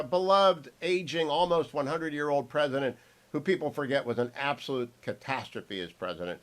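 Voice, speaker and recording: A man's voice: a little high, animated, brisk. Emphatic male radio talk host. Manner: emphatic, promotional, punchy delivery. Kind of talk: radio interview.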